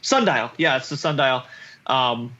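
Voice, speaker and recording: A man co-hosting a podcast, recapping an episode in casual chat, animated and swearing, acting out characters' lines. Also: medium pitch, a little slow, lo-fi sound. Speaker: podcast co-host.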